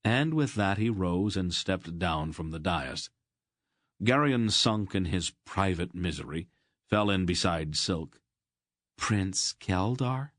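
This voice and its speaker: A man narrating a fantasy audiobook in an even, measured storytelling manner. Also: low voice, no echo, studio quality. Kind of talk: scripted narration.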